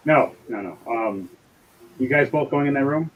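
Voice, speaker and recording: A man's voice: medium pitch, normal speed. A man narrating as game master in casual, profane table talk. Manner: casual, swears freely, voices figures briefly. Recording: slightly dull lo-fi audio, faint hiss.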